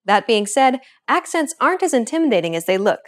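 A woman hosting a language lesson, reading a script with a clear, upbeat teacher's delivery. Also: fairly high pitch, big pitch swings, fairly quick.

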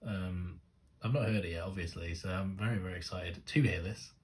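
A man, gushing and swearing freely in casual reaction commentary, breaking into loud exclamations. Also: sits low, steady tone, brisk. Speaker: music reaction host.

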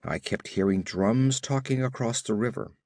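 A man voicing a gruff, brawny barbarian warrior who talks in curt growls, read as an audiobook character. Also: medium pitch, normal speed, darkish tone, dry recording, clean studio sound, lightly acted.

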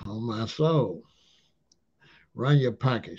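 A talk-channel commentator rants casually in loose street slang, his voice a little high with a darkish tone and a normal speed. He often adds "allegedly" or "you know what I'm saying" to his lines. The audio is dull and lo-fi.

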